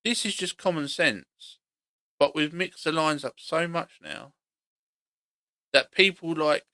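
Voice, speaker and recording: Male vlogger, blunt and argumentative, repeats himself. Bright tone with a tense edge, dry close recording. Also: on the high side, slow pace, no room sound. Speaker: opinion vlogger. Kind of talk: opinionated monologue.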